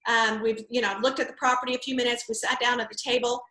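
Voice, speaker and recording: A woman's voice: a little high, little pitch movement, fast talker, bright, forceful tone. Laid-back woman real estate trainer. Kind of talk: online workshop teaching. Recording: echoey room.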